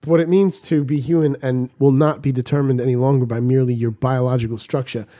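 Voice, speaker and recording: A man's voice: medium pitch, flat delivery, quick pace, warm tone. A man co-hosting a crude, casual podcast, reading an article aloud and joking around. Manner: jokey, drops into silly put-on voices. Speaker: podcast co-host.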